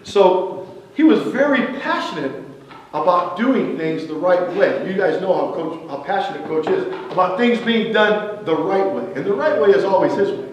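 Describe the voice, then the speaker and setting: A man's voice: high voice, lively intonation, normal speed. A man in his sixties telling stories at a roast, building each one to a punchline. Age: 60s. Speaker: former wrestler giving a roast speech. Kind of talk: anecdotal roast speech. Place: event venue hall. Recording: echoey hall, distant mic, faint noise.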